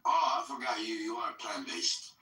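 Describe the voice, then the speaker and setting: A man's voice: fairly low pitch, animated, moderate pace, sharp tone, roomy sound, distant mic. A man from Africa in casual, teasing banter with friends. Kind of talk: casual chat.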